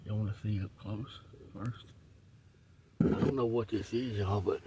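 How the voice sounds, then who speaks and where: A man's voice: fairly low pitch, measured pace, pauses often. Male rockhound vlogger, breathing hard, upbeat running chatter, distant phone mic, noisy outdoors. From Tennessee. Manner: excited, chatty, keeps addressing viewers as y'all. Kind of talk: casual first-person narration while digging. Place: muddy riverbed outdoors. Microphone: phone camera, point-of-view.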